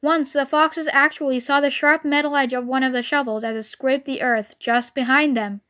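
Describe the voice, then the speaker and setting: Bright high-voiced woman reading a story. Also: fairly even intonation, normal speed.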